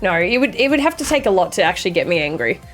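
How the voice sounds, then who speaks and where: A woman's voice: lowish voice, very animated, very fast, a bit bright, faint music behind. A young woman streamer chatting casually with her viewers and reading chat aloud, with a dry, sarcastic sense of humor and sassy banter.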